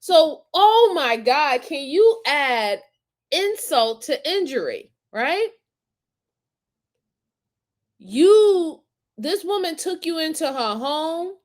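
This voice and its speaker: A woman hosting a live stream, reacting to crime footage with animated, indignant commentary and talking to her chat viewers. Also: sits high, slow. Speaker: host reacting to crime videos.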